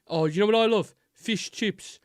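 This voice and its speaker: A man putting on a chatty male donut seller with a thick Birmingham accent, slow and sing-song. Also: sits high, no room sound, studio quality, voice pushed up, lightly acted. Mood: cheerful.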